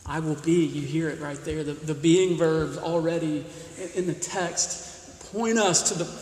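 Slow-preaching man in a reverberant hall. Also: fairly even intonation, darkish tone, slight background noise. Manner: emphatic, repeats and restarts words, rises in pitch when stressing points. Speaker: pastor. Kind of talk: sermon. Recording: roomy hall with long reverb.

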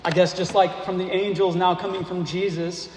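A man preaches in a church sanctuary, his voice pitched fairly high for a man. He moves slowly and deliberately through rhetorical questions. The sound rings with a long echo off the hall walls. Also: level tone, darkish tone. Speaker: pastor. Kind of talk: sermon. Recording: echoey hall, faint noise.

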